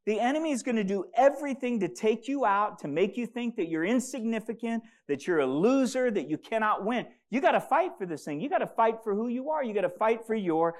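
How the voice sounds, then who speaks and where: A man's voice: high voice, lively intonation, brisk, few pauses. A man preaching a sermon as pastor, often repeating and stumbling over words and having the congregation say verses aloud with him.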